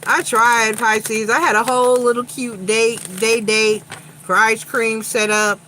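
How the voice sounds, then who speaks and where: Bright-voiced, blunt Long Island woman. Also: fairly high pitch, flat delivery, unhurried, slight background noise, low-quality recording. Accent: Long Island New York with a slight Southern tinge. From Long Island, New York. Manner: blunt, chatty, profane storytelling. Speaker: tarot reader. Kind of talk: casual livestream tarot chat.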